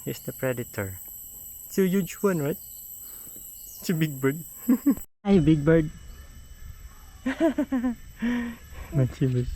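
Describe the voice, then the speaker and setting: Out in a nature park, a mother or father figure, a woman, shows a baby around, coaxing in sing-song baby talk and pointing things out. Her deep, mellow voice is very animated, slow, and broken by long pauses.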